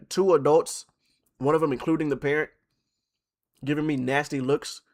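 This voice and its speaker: Animated young man streamer, slightly high voice. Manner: animated, swings between loud outbursts and mutters, restarts often. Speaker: streamer reacting to Reddit posts. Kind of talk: live-stream reaction commentary.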